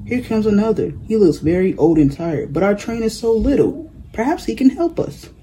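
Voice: medium pitch, very animated, moderate pace, mellow, a little hiss or hum, lightly acted, low-quality recording. A reader voicing a hopeful little toy clown in a storybook, calling out encouragement. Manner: encouraging, eager.

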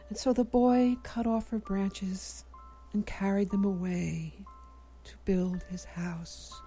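Gentle woman storybook narrator, slow and mellow, faint music behind. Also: mid-range voice, fairly even intonation, husky. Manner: gentle, measured, sometimes whispering. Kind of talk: children's story reading.

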